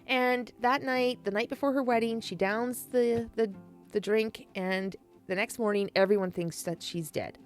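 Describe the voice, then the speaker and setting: A woman casually retelling a classic play in a chatty, animated way, laughing and swearing often. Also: on the high side, moderate pace, faint music behind. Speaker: storyteller.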